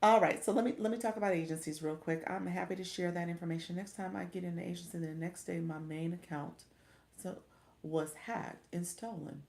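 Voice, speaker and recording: Chatty woman livestreamer with gravelly low voice. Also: fairly even intonation, fairly quick, darkish tone. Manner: chatty, laughs often, talks to viewers as friends. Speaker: live coach. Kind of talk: casual livestream chat.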